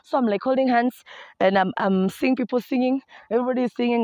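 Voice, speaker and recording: A young woman with a Kenyan accent telling a humorous personal story to her viewers in an animated way. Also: a little high, fast talker, no echo, highs cut off. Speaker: vlogger. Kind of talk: storytime vlog.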